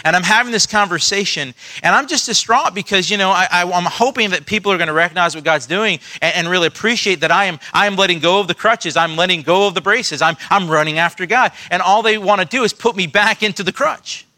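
A man preaching a sermon to his church, telling personal stories in an earnest, animated way and often restarting his sentences. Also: high-pitched, quick pace, hardly any pauses. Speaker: pastor.

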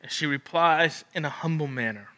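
A man preaching a sermon with a high, very bright voice. He drives his points home by repeating phrases. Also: moderate pace. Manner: emphatic, repeats phrases for stress.

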